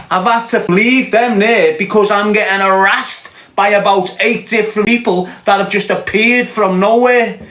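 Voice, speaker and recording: A man's voice: sits high, a bit bright, roomy sound. A man with a Liverpool accent telling a heated, insistent story as a podcast host. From Liverpool, England. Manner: ranting, fired-up, insistent.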